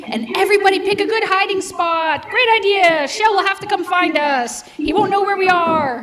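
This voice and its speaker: A woman putting on a squeaky voice for a giddy group of eggs playing hide and seek. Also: moderate pace, crowd noise. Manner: squealing, excited. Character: giddy crowd of party eggs. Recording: echoey hall.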